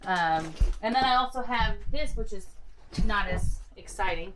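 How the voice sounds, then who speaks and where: A woman's voice: medium pitch, lively intonation, unhurried, fairly bright tone, slight background noise. A woman vlogging while unboxing items, casual and playful, with many ums. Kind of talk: casual chat.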